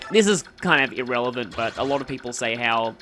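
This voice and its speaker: This Australian let's play commentator chats casually and loosely over his gameplay, straying onto tangents and correcting himself partway through sentences. His mid-range voice is expressive, brisk and fairly bright.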